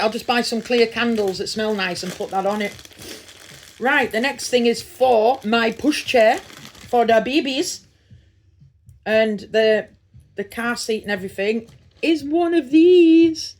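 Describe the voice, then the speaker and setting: A woman's voice: fairly high pitch, a little slow. A middle-aged woman from the North East with a Teesside accent, chatting casually and rambling through an unboxing vlog. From Redcar, North East England. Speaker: vlogger.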